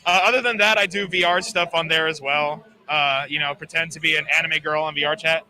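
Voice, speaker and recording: A man with a fairly high, steady voice speaks briskly and with a sharp edge. He's a voice actor appearing as a guest on a live interview at a gaming expo, chatting in a relaxed, easygoing way.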